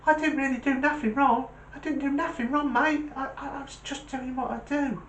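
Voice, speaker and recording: A man's voice: very high voice, fairly even intonation, fairly quick, fairly bright tone, reverberant, slight background noise, pitched above the performer's own voice. A man voicing a small, nervous male terrier dog who stammers defensively in a joke.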